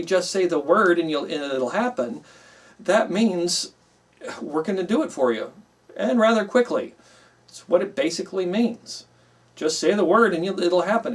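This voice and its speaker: Middle-aged male teacher, conversational, a bit high, mic some distance off. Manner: conversational, with many fillers, emphatic in acted quotes. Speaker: Bible class teacher. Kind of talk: classroom teaching, explaining with a story.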